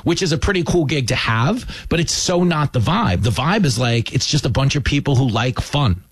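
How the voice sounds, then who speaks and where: A man co-hosting a casual chat, telling stories in an emphatic, animated way. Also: mid-range voice, moderate pace, breathy edge. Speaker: TV host.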